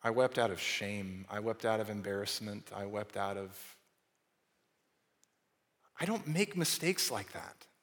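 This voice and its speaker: A man preaching a sermon in an earnest way, his delivery moving between raised emphasis and hushed, quiet passages. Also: fairly low pitch, expressive, normal speed. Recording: long hall reverb.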